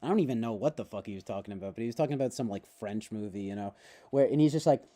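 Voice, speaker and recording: A man's voice: on the low side, rapid-fire, dark tone. A man hosting a casual streamed chat, rambling along and often breaking into laughter and swearing. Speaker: host.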